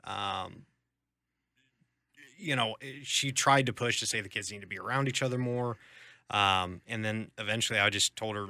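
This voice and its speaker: Low, sharp-toned man telling a story. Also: normal speed, no room sound. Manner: hesitant, many fillers, mimics quoted voices. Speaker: podcast co-host. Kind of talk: casual chat, reading a story aloud.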